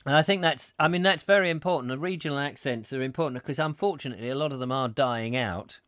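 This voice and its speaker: A man's voice: mid-range voice, quick pace, a bit bright, no echo, clean studio sound. A man from England with a mild southern English accent, hosting a casual live chat show and rambling with frequent restarts. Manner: rambling, self-interrupting. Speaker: host.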